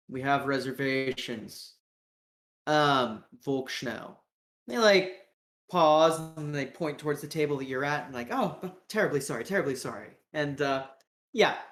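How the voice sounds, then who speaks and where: A game master narrating a tabletop roleplaying scene, easygoing and full of fillers. The voice sits at a middle pitch and is heard with a roomy echo. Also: a bit bright. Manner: loose, filler-heavy, laid-back narration.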